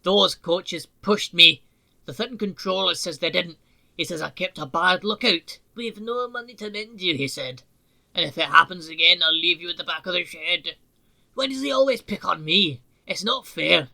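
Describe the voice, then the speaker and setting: A man voicing a hot-tempered male engine who complains loudly. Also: high voice, lively intonation, normal speed, vocal fry, full character voice. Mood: aggrieved. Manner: loud, complaining.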